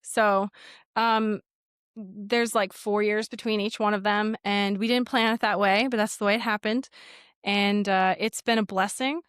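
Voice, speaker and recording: A woman in her thirties, a podcast guest, talking in a reflective, unhurried way about parenting and faith. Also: medium pitch, fairly even intonation, fairly bright tone, clear, resonant tone, no echo, clean studio sound. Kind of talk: casual faith conversation.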